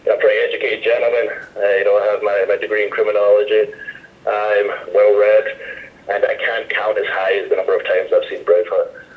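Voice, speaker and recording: A man's voice: lowish voice, little pitch movement, brisk. A Scottish man in his thirties, a guest in a casual interview, talking in an easygoing, self-mocking way. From Scotland. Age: 30s. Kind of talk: casual interview over the phone. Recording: tinny phone line.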